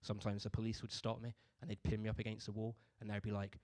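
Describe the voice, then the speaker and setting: A man's voice: on the low side, completely flat delivery, fast, a little mellow, no echo, studio quality. A young man from doing a stand-up comedy set in a laid-back, conversational way. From Bristol, England. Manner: laid-back, conversational delivery with frequent "you know what I mean".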